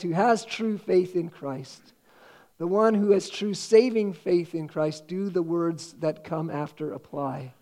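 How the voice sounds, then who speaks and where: Male pastor, sermon delivery, fairly high pitch, soft dark tone, building emphasis. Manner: earnest preaching, quoting scripture with rising emphasis.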